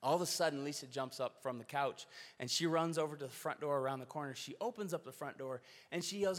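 A man's voice: a little high, fast, a bit bright. A man preaching a sermon, earnest and storytelling, with shifting emphasis. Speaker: pastor. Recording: long hall reverb.

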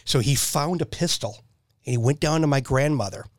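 A middle-aged man telling stories in a casual chat, animated and laughing often, with jumps in pitch when he quotes people. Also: moderate pace, no echo, clean studio sound. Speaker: podcast guest.

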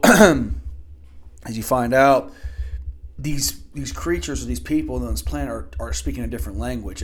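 Male host for a movie review, mid-pitched voice, loose and rambling, swears freely, trips over his own sentences. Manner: rambling, profane, frequent restarts. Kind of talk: casual spoken film review. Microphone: desk microphone.

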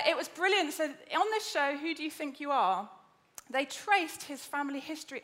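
A woman preaching a lively, chatty sermon in a church, joking with the congregation. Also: high voice. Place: church auditorium.

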